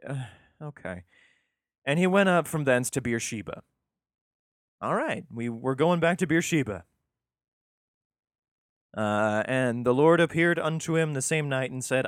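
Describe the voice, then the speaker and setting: Man reading scripture, sarcastic and crude, middle-pitched voice, dry close sound. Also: no echo. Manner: sarcastic, profane, exasperated asides. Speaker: host reading scripture with commentary. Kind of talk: irreverent comic commentary.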